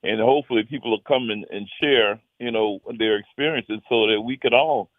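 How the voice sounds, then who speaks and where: A man's voice: on the low side, brisk, no echo. A man calling in to a radio show, easygoing and agreeable in casual chat. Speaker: caller. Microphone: phone. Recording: tinny phone line.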